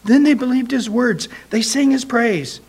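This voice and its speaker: A man with a high voice preaches a sermon. He tells the story with animated energy and briefly acts out the voices of the people in it. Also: unhurried, creaky, husky.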